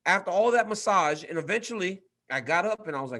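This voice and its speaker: A man in his forties, a former fighter co-hosting a casual chat, telling lively stories and acting out what others said, often repeating his words. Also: high-pitched, fast talker. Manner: animated storyteller, acts out quotes, repeats words.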